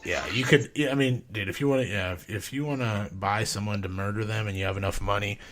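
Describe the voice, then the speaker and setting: A man's voice: lowish voice, fairly even intonation, quick pace, fairly bright tone, slight background noise. A man hosting a podcast, telling stories in blunt, heavily profane casual chat. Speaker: podcast host.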